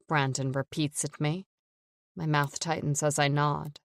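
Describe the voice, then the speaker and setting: A woman narrating a first-person thriller audiobook in a tense, measured way, close to the mic. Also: deep voice, fairly even intonation, no room sound.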